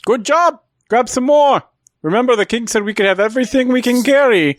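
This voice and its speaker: A man's voice: extremely high pitch, brisk, dry recording. A man voicing a fussy, formal adventurer in a tabletop game. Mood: prim. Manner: formal, prim, easily offended. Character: fussy polite adventurer Lou, pompous, prim. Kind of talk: tabletop role-play.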